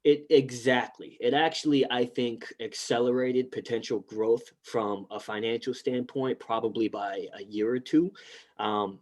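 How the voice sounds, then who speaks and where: Upbeat man co-hosting a podcast. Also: medium pitch. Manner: animated salesman delivery, quick bursts. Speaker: podcast co-host. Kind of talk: casual podcast chat.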